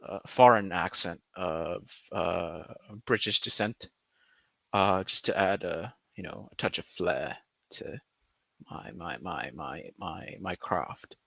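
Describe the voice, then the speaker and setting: A young man chatting casually to his stream, rambling and swearing, breaking into loud laughter. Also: low-pitched, takes it slowly, creaky, dry recording. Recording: dry, slightly muffled lo-fi audio.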